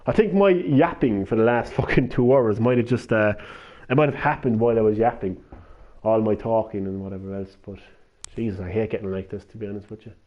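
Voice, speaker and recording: A man's voice: fairly low pitch, warm tone, highs cut off. A young Irish man streaming games, rambling and ranting casually with lots of swearing. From Ireland. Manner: swears freely, rants, laughs. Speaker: gaming live streamer.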